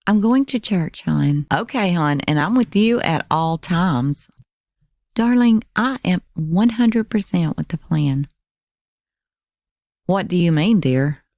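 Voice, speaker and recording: Low, unhurried woman reading messages. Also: animated, a little mellow, no room sound, studio quality. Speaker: crime channel narrator. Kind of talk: reading text messages aloud.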